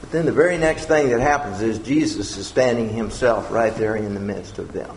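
A man giving a conversational Bible teaching, retelling scripture with lively emphasis. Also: fairly low pitch, a little fast, slight background noise. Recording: echoey room.

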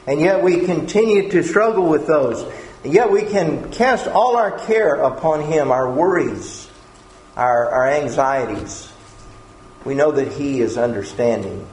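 Slow, earnest male preacher in echoey room. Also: mid-range voice, a little mellow. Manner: earnest, repeats words while searching for phrasing. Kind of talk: sermon. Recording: echoey room with faint background noise.

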